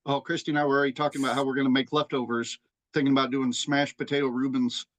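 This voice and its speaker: A man's voice: mid-range voice, level tone, racing, a bit bright. A man co-hosting a podcast in casual chat, telling stories in a rambling, profane way full of restarts. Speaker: podcast co-host.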